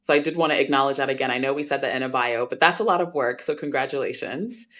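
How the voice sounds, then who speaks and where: A woman's voice: extremely low pitch, fast. Affirming woman podcast host. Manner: warm, affirming, conversational. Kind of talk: podcast interview.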